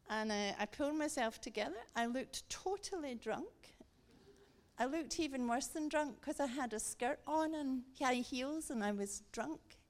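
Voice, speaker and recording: A middle-aged woman giving a guest sermon, telling a story with animated emphasis and emphatic repetition. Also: high voice, normal speed. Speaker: guest speaker.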